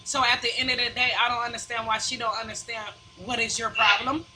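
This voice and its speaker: A woman with a bright, sharp, slightly high voice speaks bluntly in a heated online group chat, laying out her point at length. Faint noise sits behind her voice. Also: little pitch movement, a little fast, poor audio. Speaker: chat participant.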